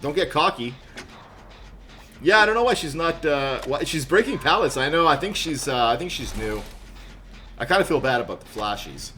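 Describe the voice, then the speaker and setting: An excitable man calls out his moves and chats with viewers while he streams a game from a home setup. His voice sits a little high and swings all over the place, with a bright, forward edge. A faint hum runs under the mic. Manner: excitable, chatty, quick to laugh and yelp. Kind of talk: live gameplay commentary.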